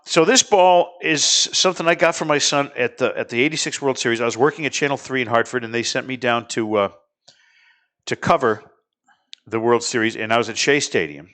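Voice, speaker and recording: A middle-aged man hosting a casual talk show, telling lively stories and chatting with his guests. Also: mid-range voice, brisk. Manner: chatty, animated anecdote teller. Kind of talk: casual studio chat and storytelling.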